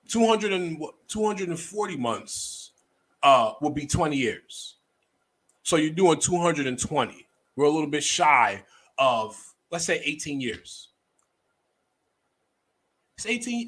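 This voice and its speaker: A man hosting a livestream, ranting bluntly about a news story with profanity and repeated phrases, swinging between low muttering and loud outbursts. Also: husky, low-quality recording. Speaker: livestream host. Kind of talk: opinionated commentary on a news story.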